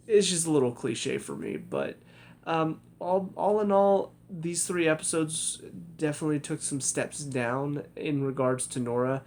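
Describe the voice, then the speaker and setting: A man's voice: mid-range voice, a little hiss or hum. A young man giving a casual spoken review of a TV episode, hesitant, with many fillers and restarts. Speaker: TV review vlogger.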